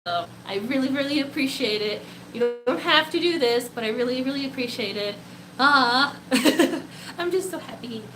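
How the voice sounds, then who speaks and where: A woman in her twenties chatting casually on a live stream, excitable and gushing, often laughing, her voice a little worn. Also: high-pitched, moderate pace, music in the background. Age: 20s. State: slightly losing her voice. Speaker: pet-keeping live streamer. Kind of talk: casual live stream chat, reading comments.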